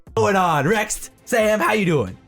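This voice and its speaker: A man's voice: sits high, animated, unhurried, a bit bright, faint music behind. A young man hosting a podcast in casual chat, checking in with his co-hosts with short, laughing reactions. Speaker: podcast host.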